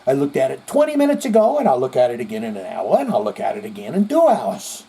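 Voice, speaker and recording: A male podcast host reading viewer comments in casual, rambling commentary, animated and profane, jumping between loud outbursts and mutters. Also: medium pitch, quick pace, gravelly, few pauses, husky. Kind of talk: casual live-chat commentary.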